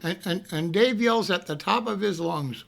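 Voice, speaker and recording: Gravelly high-voiced man telling a story. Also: moderate pace. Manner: rambling, repeats "you know what I mean", acts out quotes loudly. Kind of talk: casual anecdote telling.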